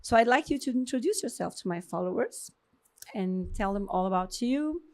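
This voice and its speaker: An effusive woman with a Brazilian Portuguese accent hosts a casual podcast interview. She gushes over her guest with warm enthusiasm and speaks in a mid-range voice, sliding between English and Portuguese. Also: mid-range voice, expressive, normal speed. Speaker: podcast host, endocrinologist.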